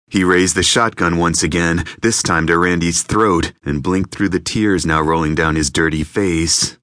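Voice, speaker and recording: A man narrating an audiobook in an even, measured reading voice. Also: sits low, no echo, clean studio sound. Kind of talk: scripted narration.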